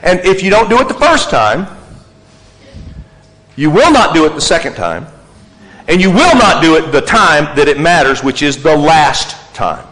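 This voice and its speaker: A man preaching a sermon as pastor, telling animated stories and driving points home with repeated, emphatic lists. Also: on the high side, moderate pace, pauses often, big-room sound, rough recording.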